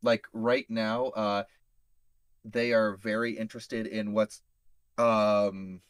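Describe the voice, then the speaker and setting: A man's voice: on the low side, flat delivery, takes it slowly, clean tone, no echo. A man playing a tabletop role-playing game, talking hesitantly with many fillers. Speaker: player. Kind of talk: casual tabletop role-play.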